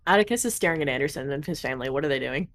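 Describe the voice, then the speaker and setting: A woman chatting as a player in a tabletop game, lively and quick to giggle. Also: low-pitched, no echo. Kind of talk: casual chat during a tabletop game.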